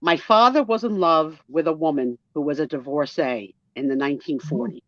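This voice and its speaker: A woman's voice: low-pitched, normal speed, no echo. A woman in her sixties with a New Jersey accent, chatting casually and telling family stories while mimicking other people's voices. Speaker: guest storyteller. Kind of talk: casual chat. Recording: muffled lo-fi audio.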